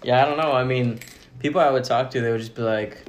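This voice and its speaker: A young man as a podcast guest, chatting casually with a dry, deadpan, mock-arrogant manner. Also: mid-range voice, fast talker, echoey room, background noise. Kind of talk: casual chat.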